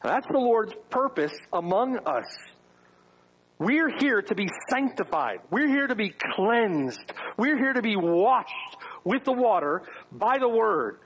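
A man's voice: high voice, very animated, measured pace, fairly bright tone, husky, poor audio. A man preaching a sermon to his congregation, firing off rhetorical questions with wry asides. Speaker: pastor. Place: church.

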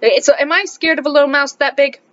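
A woman who teaches high school English, from South America, telling a story in a casual vlog, animated and exasperated, dropping to muttered asides. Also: fast. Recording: dull lo-fi recording.

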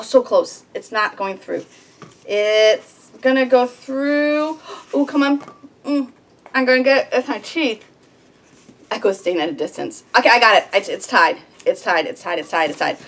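A woman's voice: a little high, expressive, normal speed, a bit bright. A woman vlogging at home on her homestead, talking herself through a fiddly craft in a fretful, slightly whiny way. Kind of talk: casual self-talk while crafting. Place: at home on a farm.

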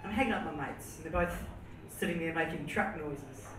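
Nervous rambling young New Zealand comedian. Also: male voice, on the high side, animated, a little fast, music in the background. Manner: nervous, rambling, laughs at own jokes. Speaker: stand-up comedian. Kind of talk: stand-up set. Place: comedy venue with audience. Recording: roomy, distant mic with background noise.

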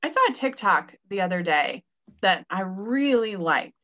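A woman co-hosting a casual podcast, with a bright voice and a playful, teasing way of talking. Her audio sounds somewhat dull and muffled. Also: mid-range voice, very animated, moderate pace. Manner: playful, teasing, laughs often. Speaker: podcast co-host. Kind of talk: casual chat.

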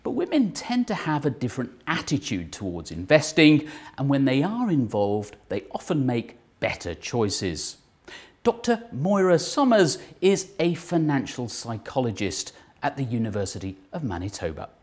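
A presenter reading a scripted report in a clear, informative way. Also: mid-range voice, big pitch swings, moderate pace, darkish tone. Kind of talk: scripted narration.

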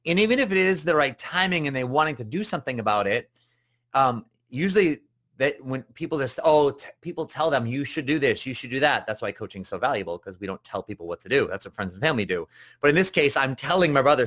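A man's voice: expressive, fast, fairly bright tone. A man hosting a live business coaching show, talking casually and rambling, with many fillers and restarts, and acting out quoted people in raised voices. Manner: acts out quoted voices with jumps in pitch.

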